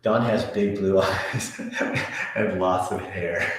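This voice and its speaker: A man's voice: low-pitched, fairly even intonation, takes it slowly, slight background noise. A man hosting a casual live chat show, reading viewer comments aloud and answering them in a joking, rambling, self-mocking way. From Montana. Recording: very echoey room.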